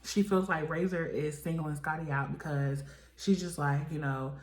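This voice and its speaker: A woman recapping a reality TV episode in casual chat, acting out the cast's lines with big jumps in pitch. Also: moderate pace, reverberant. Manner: animated, acts out quotes with lively pitch jumps.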